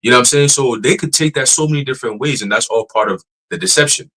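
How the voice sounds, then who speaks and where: Man, casual street preacher, profane and animated, laughs often, medium pitch. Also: quick pace, rough recording. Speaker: church teacher.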